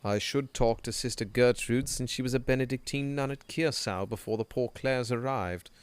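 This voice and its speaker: A man's voice: medium pitch, normal speed, background noise. A man streaming a game live, reading dialogue aloud with wry, playful asides. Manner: wry, playful asides between read lines.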